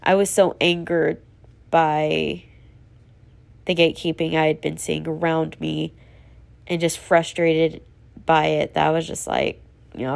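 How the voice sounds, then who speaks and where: A woman's voice: low voice, flat delivery, a little slow, gravelly, pauses often. A woman hosting a solo podcast, talking in a rambling, earnest, self-reflective way and running out of breath. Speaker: podcast host. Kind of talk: solo casual podcast monologue.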